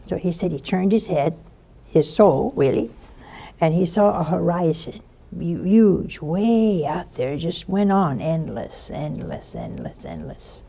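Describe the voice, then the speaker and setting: This woman's sermon comes in a mellow, gravelly voice on the low side, delivered at a measured pace. She brings her story to life, voicing the people she quotes.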